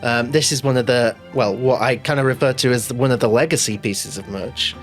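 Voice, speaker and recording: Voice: mid-range voice, a little fast. A game master and show host giving rambling, self-mocking announcements before a tabletop stream, swearing playfully. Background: faint background music.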